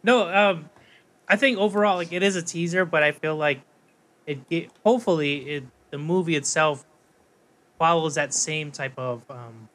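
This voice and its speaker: Man with a Hawaiian accent, co-host, higher voice, loose rambling delivery full of fillers. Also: moderate pace. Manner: rambling, lots of "like" and "um", animated storytelling. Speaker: podcast co-host. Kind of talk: casual chat.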